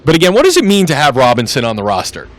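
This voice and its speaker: A man provides play-by-play commentary on a live soccer match, alternating between calling the action and chatting with his partner. His mid-range voice races along with huge pitch swings.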